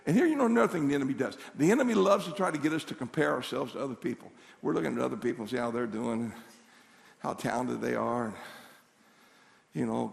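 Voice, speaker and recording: High, bright-voiced preacher in a reverberant hall. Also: male voice, fast, vocal fry. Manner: animated storytelling, acts out voices, rising to shouted declarations. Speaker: pastor. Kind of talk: sermon.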